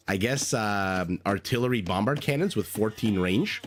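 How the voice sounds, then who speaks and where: A man's voice: fairly low pitch, lively intonation, normal speed, few pauses, slight background noise. A man recovering from a cold, chatting through live game commentary, thinking aloud and greeting viewers. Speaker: game caster. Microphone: desk microphone.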